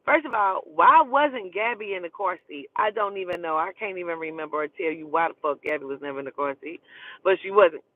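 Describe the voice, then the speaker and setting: A man from Oklahoma telling animated, profane stories in a casual way, often calling the listener "child". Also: high-pitched, brisk, no echo. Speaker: storyteller. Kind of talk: casual storytelling. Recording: dry tinny phone-like sound.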